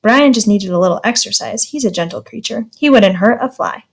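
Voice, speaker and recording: A woman's voice: fairly high pitch, animated, fairly quick, vocal fry, husky, full character voice. A woman reading aloud as a cheerful adult zookeeper who chats breezily and trails off dismissively. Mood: reassuring. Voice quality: chatty, dismissive trailing "blah blah".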